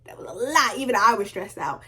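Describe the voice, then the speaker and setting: A young woman recapping a TV show in casual commentary, sassy and animated, talking back to the characters. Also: medium pitch, brisk, husky. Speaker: video essay host.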